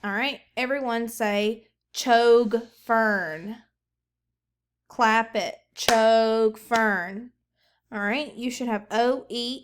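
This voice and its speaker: A woman's voice: fairly high pitch, fairly bright tone. A young woman teaching a recorded phonics lesson to children, sounding out syllables patiently.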